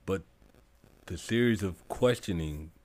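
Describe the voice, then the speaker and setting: A man with a very deep voice talks in a laid-back casual chat. He mostly adds short remarks and quick asides. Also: a little mellow. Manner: laid-back, brief interjections.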